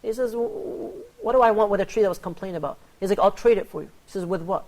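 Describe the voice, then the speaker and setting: A man hosting a religious panel talk on charity, telling stories in an animated way and acting out the quoted lines. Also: sits high, quick pace. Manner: animated storyteller, acts out quoted dialogue. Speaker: host.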